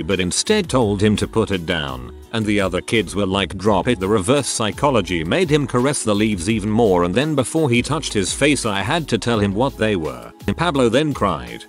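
A man reading online stories aloud in an even, matter-of-fact narration. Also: on the low side. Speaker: story narrator.

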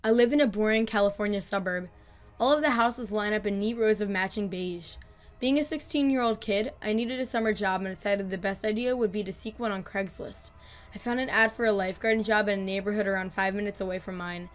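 A woman calmly reading horror stories in scripted narration, growing softer and quieter on the grim lines. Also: medium pitch. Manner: calm, measured, dropping softer on grim lines. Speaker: storyteller. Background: faint music.

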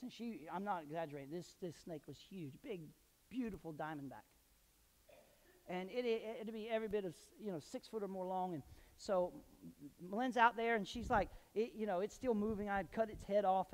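A male pastor preaching a sermon in a church, telling personal stories and swinging into loud emphatic bursts. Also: high-pitched. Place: church sanctuary. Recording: long hall reverb.

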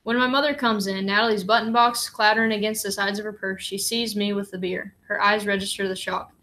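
A woman reading a novel aloud in a measured, gentle way. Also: mid-range voice, fairly even intonation. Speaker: audiobook reader.

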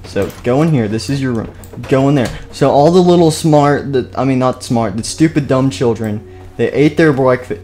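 A man's voice: mid-range voice, moderate pace, dark tone, soft background music. A young man narrating a game role-play on a live stream, rambling, goofy and often cutting himself off, into a desk microphone. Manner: rambling, self-interrupting, goofy.

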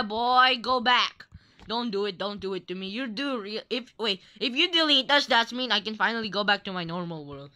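Young woman chatting over a game, teasing, slow, kinda high bright voice. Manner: playful, teasing, laughing often. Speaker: gaming channel host. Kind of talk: Roblox gameplay commentary.

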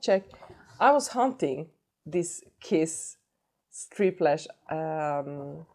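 A woman's voice: on the low side, warm tone. A woman opening a gift box for her vlog, gushing and emotional, repeating her words. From Sweden. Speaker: beauty vlogger. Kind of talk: unboxing vlog.

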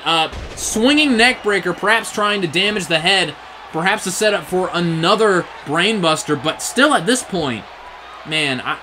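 A man giving excited play-by-play wrestling commentary, often shouting in disbelief, his voice getting strained. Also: on the high side, a little hiss or hum, rough recording.

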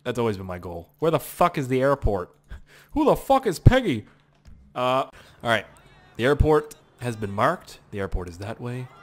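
A young man giving casual, excitable commentary while playing a video game, swearing and exclaiming often. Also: medium pitch, normal speed. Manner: excitable and profane, frequent exclamations and laughs. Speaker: gameplay commentator.

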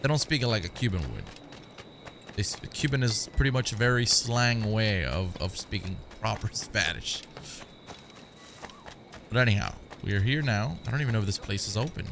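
A man's voice: lowish voice, animated, normal speed, gravelly, noisy background. A man giving casual, chatty commentary over a game, often repeating his words as he goes. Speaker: gaming commentator. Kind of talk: casual let's-play commentary.

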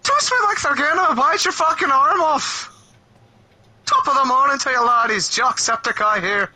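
A man doing a loud, cheery, hammed-up impression of an Irish YouTuber greeting his viewers. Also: very high-pitched, big pitch swings, normal speed, slight background noise, voice pushed up, heavily acted. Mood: hyped.

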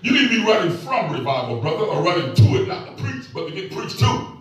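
High-voiced older preacher in an echoey hall. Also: male voice, sing-song, fast, a bit bright. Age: 60s. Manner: folksy, call-and-response preaching. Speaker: pastor. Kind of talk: sermon. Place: church. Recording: echoey church from far off with music.

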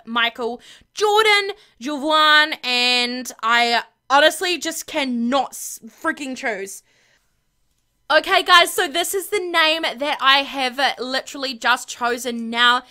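A woman giving bubbly, excitable commentary while playing a life-simulation game on her channel. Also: high-pitched. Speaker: gaming channel host.

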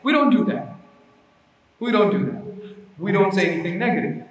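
A man's voice: high voice, animated, normal speed, a little hiss or hum. A male preacher giving a casual, conversational religious lecture, urging listeners emphatically and often adding "you know what I'm saying" asides. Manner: urgent, emphatic exhortation. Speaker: Islamic preacher. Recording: very echoey hall, voice from far off.

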